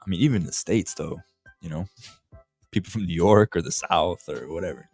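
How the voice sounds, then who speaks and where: A man's voice: low-pitched, fairly quick, a little mellow, breathy edge, faint music behind. A man co-hosting a casual livestream, easygoing, chiming in with short replies and looking things up. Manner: easygoing, backchannels, looks things up. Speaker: co-host.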